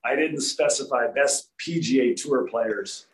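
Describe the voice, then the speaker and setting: A man from Rhode Island, a former tour golfer, telling relaxed anecdotes in a casual chat with frequent restarts. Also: mid-range voice, a little slow, a little hiss or hum, low-quality recording.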